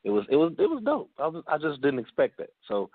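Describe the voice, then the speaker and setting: A man's voice: a little high, huge pitch swings, quick pace, noisy background. A man with a Chicago accent, a panelist in a casual radio round-table, rambling with many fillers and restarts. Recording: dry tinny phone line.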